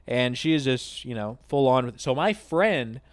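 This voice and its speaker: A young man hosting a gaming channel tells a story in a loose, animated way and swears freely. His voice is smooth and resonant at a mid pitch. It is recorded close and dry, with no room sound. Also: moderate pace, no room sound. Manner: animated, profane, acts out both sides of arguments. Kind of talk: casual storytime over gameplay.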